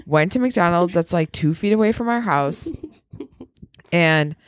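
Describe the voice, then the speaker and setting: A woman's voice: on the low side, unhurried, no echo, studio quality. A young woman co-hosting a podcast, telling a story in casual chat, swearing freely. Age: young adult. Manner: swears freely, animated retelling with laughs. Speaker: podcast co-host.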